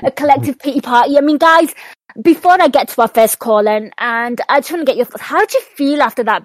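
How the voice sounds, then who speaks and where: A woman hosting a casual post-match podcast, frank and animated, swearing freely as she leads the chat. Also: sits high, brisk, dry recording. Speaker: podcast host.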